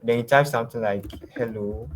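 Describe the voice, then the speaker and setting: A man teaching a design lab, giving step-by-step software instructions and often trailing off quietly. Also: on the low side, fairly even intonation, a little slow, slight background noise, poor audio. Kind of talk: screen-share software tutorial.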